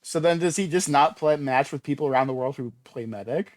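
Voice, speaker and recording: A man's voice: on the high side, brisk, a little mellow. A man co-hosting a casual podcast, often stammering and repeating words as he starts sentences. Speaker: podcast co-host.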